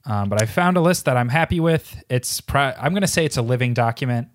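A man's voice: medium pitch, animated, brisk. A man co-hosting a podcast, casually rambling and acting out his own past thoughts. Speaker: podcast co-host. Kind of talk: casual chat.

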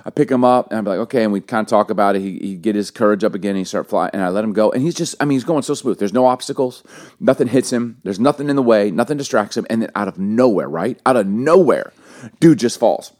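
A man in his forties co-hosting a casual talk, an animated storyteller who repeats phrases for emphasis. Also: on the low side, fast talker. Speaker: podcast co-host. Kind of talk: casual chat with teaching.

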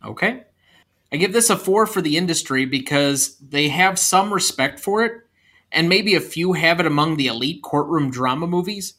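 Guy cohosting a movie podcast, kinda high bright voice, reads quotes out with a bit of drama. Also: lively intonation, moderate pace. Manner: reads movie quotes aloud in a lightly acted voice. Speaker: podcast co-host. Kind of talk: casual film discussion.

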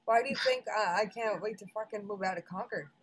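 A woman's voice: mid-range voice, wildly swooping pitch, fairly quick, husky, low-quality recording. A woman from New Hampshire co-hosting a podcast, blunt and swearing casually. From New Hampshire, USA. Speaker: podcast co-host.

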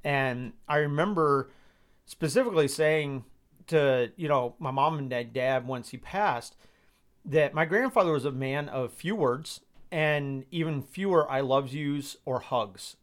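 A man in his thirties from Georgia hosting a live stream Q&A, answering in a reflective, hesitant way with many pauses and fillers. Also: a little high. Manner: reflective, hesitant with many ums, gets emotional. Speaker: host.

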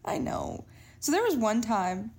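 A woman, co-hosting a podcast and telling an animated story in casual chat. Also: fairly high pitch, measured pace. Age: 20s. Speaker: podcast co-host.

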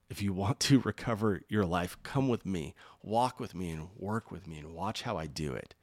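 A pastor with a deep voice preaches an earnest, encouraging sermon. He gets loud on key points and turns soft and slow when talking about rest.

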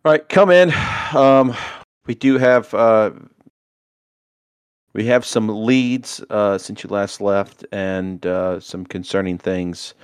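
A man playing a chief inspector, fake British accent, formal, low-pitched, slow. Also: smooth, no room sound. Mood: briefing.

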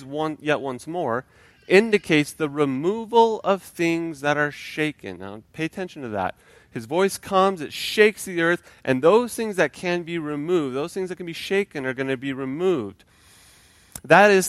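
A man's voice: a little high, fairly bright tone, dry recording. A man preaching a sermon as pastor, talking conversationally with rhetorical questions and light humor, and reading scripture aloud.

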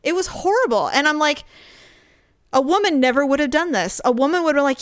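A woman with a somewhat high voice tells a story in relaxed conversation. She is animated and acts out the people she quotes. The sound is close and dry, with almost no room echo. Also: normal speed. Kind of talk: casual storytelling chat.

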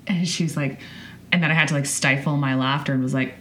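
A woman's voice: low voice, fairly even intonation, quick pace, a bit bright, a little hiss or hum. A woman in her twenties hosting a podcast, talking candidly in a rambling personal monologue with restarts and the odd swear. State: choked up. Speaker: podcast host.

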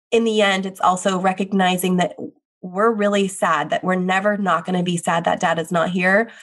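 A woman, a widowed mother and children's book author, answering interview questions in an earnest, open way. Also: lowish voice. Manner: earnest, open, repeats phrases like "the reality is".

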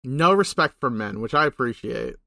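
A young man co-hosting a podcast, recapping a video game in casual, rambling chat with swearing and quick asides. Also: medium pitch, animated, gravelly, pushed and bright, no echo. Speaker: podcast co-host.

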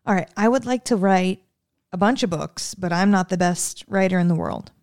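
Fast-talking New woman. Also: on the low side, darkish tone. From New Jersey. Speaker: podcast co-host. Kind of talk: casual chat.

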